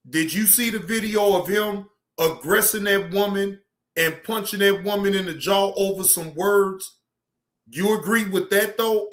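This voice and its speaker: A man's voice: high-pitched, fairly bright tone. A man hosting a livestream, talking bluntly and combatively to his chat in casual commentary. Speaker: streamer reacting to clips. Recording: roomy echo.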